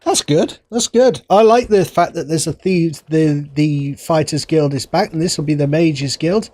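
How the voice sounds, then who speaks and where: A man's voice: a little high, normal speed, darkish tone. A man giving chatty, jokey commentary while playing a role-playing game. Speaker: let's play host. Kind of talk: casual gameplay commentary.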